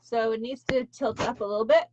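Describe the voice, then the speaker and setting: A woman's voice: a little high, fairly even intonation, brisk, darkish tone, muffled recording, slight background noise. A woman hosting a live online show, chatty and encouraging as she talks her guest through the camera setup. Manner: bubbly, encouraging, laughs often. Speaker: host. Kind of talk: live video call interview.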